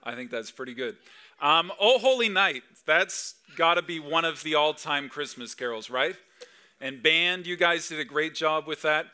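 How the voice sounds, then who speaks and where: A pastor preaches a Christmas Eve sermon at a church service in a highish, clear, resonant voice with a sharp tone and moderate pace. He's chatty and conversational, peppering the crowd with rhetorical questions.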